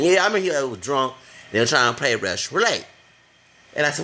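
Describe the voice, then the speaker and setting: A man's voice: medium pitch, sing-song, fairly quick, pushed and bright, slight background noise, rough recording. A man giving a rambling, blunt opinion rant for his vlog, swearing freely as he goes. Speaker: vlogger.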